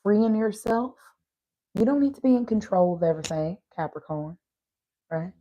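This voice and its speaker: A woman's voice: mid-range voice, animated, moderate pace, mellow, muffled recording. A woman with a slight Southern country accent giving a casual tarot reading, chatty and tired after an overnight drive, asking "right?" as she goes. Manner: chatty, addresses viewers as y'all, frequent "right?" asides. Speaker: tarot reader.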